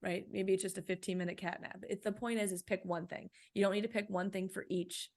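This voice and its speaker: A woman's voice: medium pitch, level tone, fairly quick, a little mellow. A woman being interviewed about her book, giving practical coaching advice and often checking in with "right?". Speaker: author and guest. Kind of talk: podcast interview answers.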